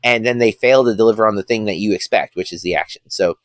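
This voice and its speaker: A man's voice: on the low side, fast talker, dry recording, studio quality. A man co-hosting a casual film review podcast, rambling and thinking aloud as he goes. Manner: rambling, many fillers and restarts.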